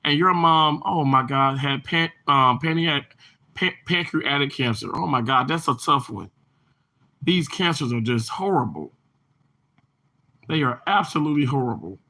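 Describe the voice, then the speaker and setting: A man's voice: medium pitch, expressive, normal speed, bright, forceful tone. A man hosting a casual livestream, talking in long rambling stretches and greeting viewers by name as he reads their comments. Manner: rambling and chatty, with many restarts and fillers. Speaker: livestream host reading chat. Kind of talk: casual live chat.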